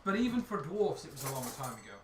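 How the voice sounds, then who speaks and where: A man running a tabletop role-playing game as dungeon master, explaining rules and lore in a lively, joking way. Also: on the high side, fast, roomy sound, noisy background. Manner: lively, jokey, switches into put-on accents.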